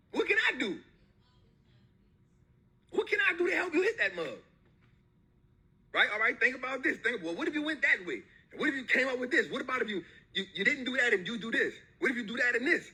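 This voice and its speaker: A man with a fairly high, very bright voice, edged with a husky grain, gives a motivational talk. He drives his points home with repetition and slangy, emphatic street talk. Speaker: motivational speaker.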